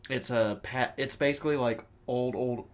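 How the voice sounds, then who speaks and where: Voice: mid-range voice, moderate pace. A podcast co-host in casual movie review chat, rambling and swearing freely, often laughing.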